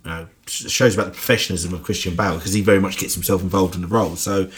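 Low-voiced easygoing man co-hosting. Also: fairly even intonation, very fast. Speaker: podcast co-host. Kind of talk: casual film review chat.

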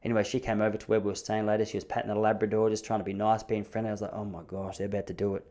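Fast-talking Australian man telling stories. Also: fairly low pitch, level tone, dark tone. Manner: rambling, self-mocking, often restarts phrases. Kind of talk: casual comic storytelling.

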